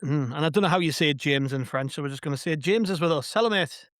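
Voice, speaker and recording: North-east English male podcast host, slightly higher voice, chatty and joking, dry close-miked sound. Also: fast, fairly bright tone, dry recording. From North East England. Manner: chatty, joking, rambling with fillers. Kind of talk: casual football podcast chat.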